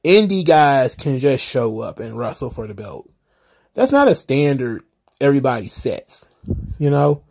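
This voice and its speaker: A man's voice: medium pitch, big pitch swings, unhurried, creaky, darkish tone. A man hosting casual solo wrestling recap commentary, rambling and wry, often exasperated, with the odd swear.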